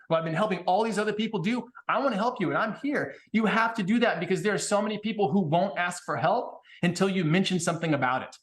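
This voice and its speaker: A man in casual podcast conversation, blunt and animated, swearing freely as he tells stories. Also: high-pitched. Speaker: podcast guest.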